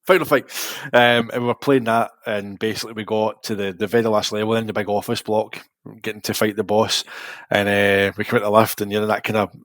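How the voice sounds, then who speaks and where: A Glaswegian man in his forties, a podcast co-host telling lively, rambling stories in casual chat. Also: on the low side, fairly quick, no room sound. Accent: Scottish, Glasgow. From Scotland. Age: 40s. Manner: lively, rambling anecdotal storytelling.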